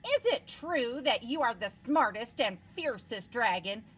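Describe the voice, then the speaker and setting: A woman voicing a bold, brave young princess who exclaims in a high, excited voice. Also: unhurried, a little hiss or hum. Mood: thrilled.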